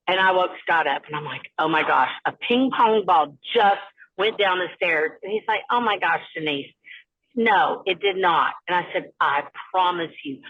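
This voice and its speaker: A woman's voice: lowish voice, breathy edge. A woman phones in her haunted-house story and acts out the voices of the people in it. The line sounds dull and muffled. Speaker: caller.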